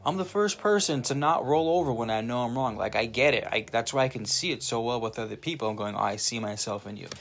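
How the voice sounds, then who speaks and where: An animated young man on his own channel, talking straight to camera in a loose, unscripted monologue. His voice sits at a middling pitch. He swears freely and keeps stopping to restart his sentences. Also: quick pace, few pauses, slight background noise. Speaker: channel host. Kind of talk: casual spoken monologue to camera.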